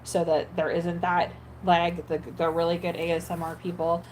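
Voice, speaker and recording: A woman with a lowish voice chats loosely about her video plans, drifting between thoughts with plenty of "um"s and restarts. Her tone is relaxed and conversational, and faint background hiss sits under her voice. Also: normal speed, rough recording. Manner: rambling, many fillers and restarts. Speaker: ASMR creator. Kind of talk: casual chat while editing.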